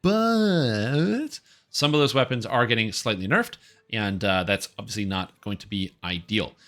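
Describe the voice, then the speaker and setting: A man's voice: fairly low pitch, lively intonation, a little slow, a bit bright. A man streaming a video game, chatting casually in a rambling, offhand and opinionated way. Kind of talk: casual live-stream commentary.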